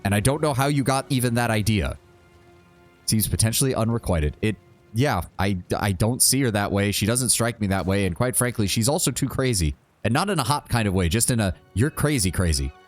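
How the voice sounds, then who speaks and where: A streamer with a lowish voice and lively intonation chats briskly over soft background music. He's blunt and casual as he commentates his let's-play, swearing freely and reading the dialogue choices out loud.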